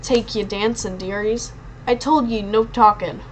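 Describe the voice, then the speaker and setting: A woman's voice: steady tone, measured pace, a little hiss or hum, natural voice, rough recording. A woman voicing a skinny male thug, sly and mocking. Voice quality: squeaky.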